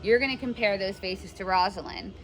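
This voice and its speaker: A woman's voice: medium pitch, a little fast, fairly bright tone, faint music behind. A young woman teaching a class, explaining a play casually and paraphrasing its lines in modern slang, recorded in a classroom.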